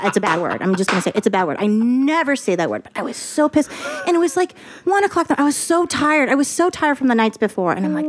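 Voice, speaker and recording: A woman telling a story about her work in casual chat, animated and profane, acting out what others said. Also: a little high, a little hiss or hum. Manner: animated, profane, quotes others in lively voices.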